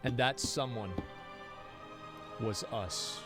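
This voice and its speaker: A man telling a casual story in an animated, profane way, acting out his friends' quoted lines. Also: mid-range voice, very slow, music in the background.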